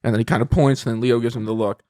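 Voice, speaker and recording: A man on a comedy podcast, improvising an absurd story in a rambling, animated way with frequent laughs. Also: medium pitch, rapid-fire, no echo, clean studio sound. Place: podcast studio.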